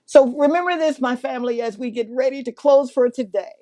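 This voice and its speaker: A woman's voice: high voice, brisk, mellow. A middle-aged woman from Mississippi hosting a faith talk show, telling a heartfelt testimony in a preacherly way and laughing often.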